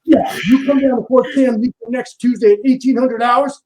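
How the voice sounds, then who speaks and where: A man putting on a booming gruff drill sergeant. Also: steady tone, normal speed, darkish tone. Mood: commanding. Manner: curt, commanding, blunt.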